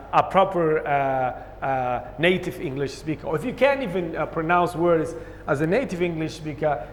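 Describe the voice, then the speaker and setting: A man's voice: a little high, a little hiss or hum. A male English teacher with a Somali accent, teaching grammar in a lesson, asking questions and answering them himself. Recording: echoey room with long reverb.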